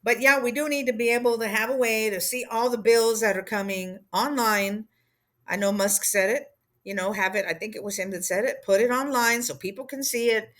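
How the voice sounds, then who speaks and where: A woman's voice: on the high side, fairly even intonation, brisk, a bit bright. A woman from Texas, rambling through a casual political rant in an exasperated, sarcastic way. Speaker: political commentator.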